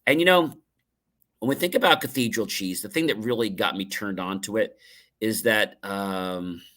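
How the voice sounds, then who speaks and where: Bright-voiced man giving a motivational talk. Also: fairly low pitch, normal speed. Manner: playful, lingers on words, acts out dialogue. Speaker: livestream host. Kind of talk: motivational talk with acted examples.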